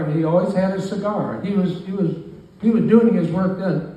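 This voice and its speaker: A man's voice: sits high, normal speed, mellow. A man in his nineties giving a rambling, joking speech at his own birthday party, teasing the guests. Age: 90s. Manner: joking, rambling, self-deprecating. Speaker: birthday speaker. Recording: far-off mic in an echoey room with faint ambient noise.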